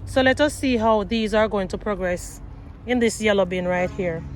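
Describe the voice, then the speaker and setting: A woman's voice: medium pitch, normal speed, a little hiss or hum. A woman gardening vlogger talking viewers through her garden outdoors, chatty and repeating herself. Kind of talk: casual garden tour vlog.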